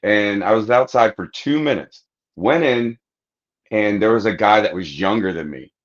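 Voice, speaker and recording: A man's voice: fairly low pitch, moderate pace, lo-fi sound. A man on a podcast telling a long story in casual chat, swearing freely and acting out what people said. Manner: profane, animated anecdote-telling, acting out quotes. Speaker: podcast host.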